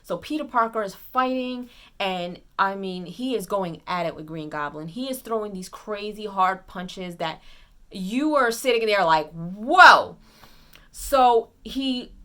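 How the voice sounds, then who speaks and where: A woman giving a casual spoiler movie recap, retelling scenes excitedly with lots of fillers and restarts. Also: medium pitch. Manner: excited retelling, acts out characters' lines. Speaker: movie reviewer.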